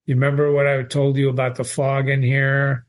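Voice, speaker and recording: A man with an everyday middle-pitched voice talks through a short story like a teacher answering viewer emails. He keeps it conversational and rambling, with restarts, asides and passages read aloud from the text. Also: monotone, normal speed. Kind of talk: casual spoken literary analysis.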